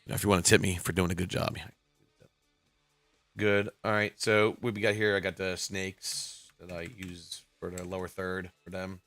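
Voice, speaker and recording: A man in his forties who keeps reptiles and streams live chats in a casual, rambling way, swearing occasionally. His low-pitched voice is level, fairly bright, and at normal speed, picked up with no echo by a computer mic at his desk, with faint music in the background.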